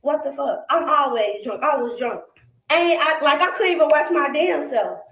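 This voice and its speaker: A woman's voice: high-pitched, normal speed, vocal fry, fairly bright tone, dull audio. Furious, profane woman in an echoey live-stream clip. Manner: heated, profane, defensive, repeating herself. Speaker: livestreamer defending herself. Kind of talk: angry live-stream rant. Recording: echoey, noisy, played back with clicks.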